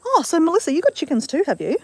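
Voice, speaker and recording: A woman's voice: very high-pitched, wildly swooping pitch, very fast, a little mellow. An Australian woman chatting upbeat to her live-stream viewers from a backyard. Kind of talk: casual live-stream chat. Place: outdoors in a backyard with chickens.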